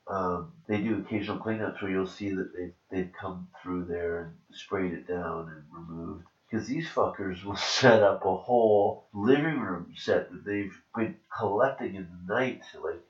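A man in his forties from Canada talks in a rambling, joking way, often breaking off mid-sentence. His voice is very low. The recording is roomy and a little dull. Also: a little slow, few pauses. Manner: rambling, joking, self-interrupting. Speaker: comedian and podcast host. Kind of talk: casual chat during a massage.

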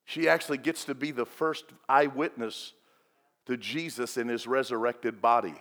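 A man preaching a sermon as pastor, swinging between loud and hushed delivery. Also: mid-range voice, steady tone, normal speed. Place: church sanctuary. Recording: long reverb of a large hall.

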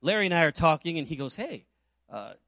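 Male pastor from Puerto Rico, high voice, dry close sound, preaches in a storytelling style with rhetorical questions. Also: racing, sharp tone, dry recording. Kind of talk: sermon.

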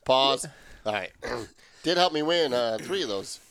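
A man's voice: medium pitch, lively intonation, a little slow, gravelly, a bit bright, a little hiss or hum. A man hosting a casual sports podcast, trading easygoing, joking banter with his brother. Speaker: podcast host.

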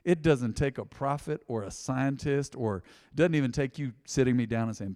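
A middle-aged man preaching a sermon in a church, boldly and with passion. He moves from quiet asides to loud, emphatic calls to the congregation. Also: mid-range voice, normal speed, hardly any pauses. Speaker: pastor. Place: church sanctuary. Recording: long hall reverb.

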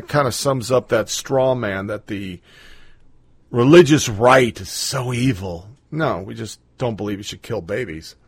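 Blunt, profane podcast host. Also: male voice, medium pitch, husky. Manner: blunt, profane, opinionated rant. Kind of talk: casual political commentary.

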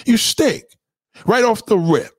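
Animated, swearing man in a profane rant. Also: high-pitched, slow pace, slightly rough, no room sound. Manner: animated, swearing, acts out quotes. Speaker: comedic monologue host.

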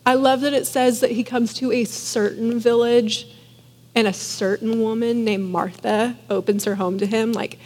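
A woman's voice: a little high, steady tone, normal speed, darkish tone, in a large hall. A woman in her thirties, a mother, giving an earnest, casual devotional talk full of "like". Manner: earnest, many fillers of "like". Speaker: Christian speaker.

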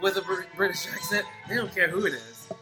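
Woman, podcast co-host, low voice, lively pitch, wry, laughs often. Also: fast, music in the background. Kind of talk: casual banter.

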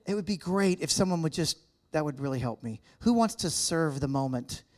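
Speaking at normal speed in an animated, high-leaning voice, a guest speaker from the United States jokes his way through a casual church talk. He chats with people in the room, and the hall has a live audience.

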